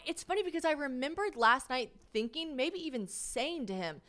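Podcast host, woman, late 20s, casual storyteller, animated, salty, plays out every quoted line. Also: moderate pace. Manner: animated, swears, acts out quotes with jumps in pitch and volume, laughs often. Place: her apartment.

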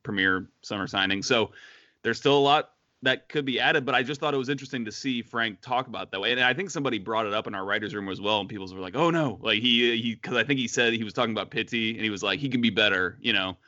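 A man's voice: lowish voice, fast, bright, forceful tone, no room sound, highs cut off. A man co-hosting a casual sports podcast, chatty, with many fillers and restarts. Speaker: podcast co-host.

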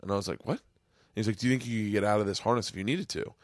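A man hosting a podcast, telling a story with excitement, swearing often and acting out the people in it. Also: lowish voice, very fast, dry recording, clean studio sound. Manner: excitable, swears a lot, acts out voices in stories. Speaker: podcast host. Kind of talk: casual chat, animated storytelling. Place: home man cave studio.

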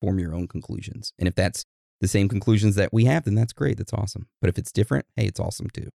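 Gravelly laid-back man. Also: fairly low pitch, quick pace, mellow, no room sound, clean studio sound. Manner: laid-back, rambling, joking. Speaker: podcast co-host. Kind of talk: casual chat.

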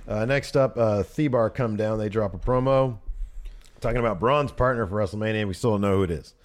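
A podcast co-host with a lowish voice recaps wrestling in a casual chat, talking a little fast. He's animated, laughs readily and tends to trail off mid-sentence.

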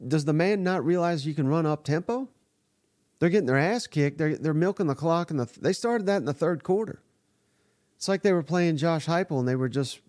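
A man's voice: on the high side, darkish tone, no echo, clean studio sound. A man hosting a live sports reaction podcast, giving blunt, exasperated and profane commentary. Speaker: podcast host.

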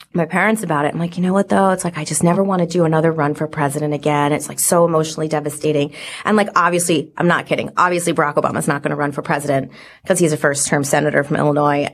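A woman in her forties, a podcast guest telling stories in casual chat, full of "like" fillers. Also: deep voice. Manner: chatty storyteller, many "like" fillers.

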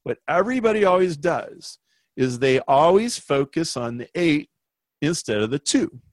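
A man telling an anecdote in a lively, conversational way, acting out the voices of the people in it as a guest explaining marketing. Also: on the high side, moderate pace, dry recording. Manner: animated, acts out quoted voices. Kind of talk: conversational storytelling.

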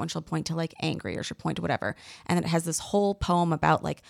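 A woman co-hosting a podcast, lively and quick to react and laugh. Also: low voice, creaky, no room sound, clean studio sound. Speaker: podcast co-host. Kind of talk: podcast conversation.

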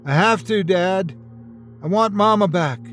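A man's voice: high voice, moderate pace, pitched above the performer's own voice, lightly acted. A man voicing a terrified young boy in a horror story, stammering and tearful as his voice breaks. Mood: tearful, pleading. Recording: with background music.

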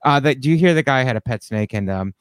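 A man, a comedian guest on a podcast, telling rambling deadpan stories with fillers. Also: medium pitch, fast talker, smooth, no echo, studio quality. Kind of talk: casual comedic podcast banter.

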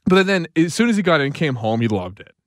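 Animated man telling a funny story. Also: fairly high pitch, quick pace, dry recording, clean studio sound. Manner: animated storyteller, joking, laughing. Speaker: radio podcast co-host. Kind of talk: casual storytelling chat.

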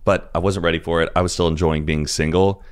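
A young man chats as a podcast guest, his voice slightly low. He rambles through his stories in a loose, laid-back way, full of casual fillers. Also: fairly even intonation, fast talker, clean tone. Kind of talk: casual storytelling.

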